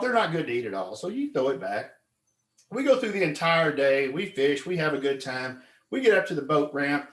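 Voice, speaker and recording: A man gives a lively storytelling speech, his voice rising and falling widely as he acts out his friends. He sits a little high in pitch. The room around him rings with echo. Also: fairly quick. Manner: animated, acts out quoted friends with loud high yells. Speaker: club speaker. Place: meeting room.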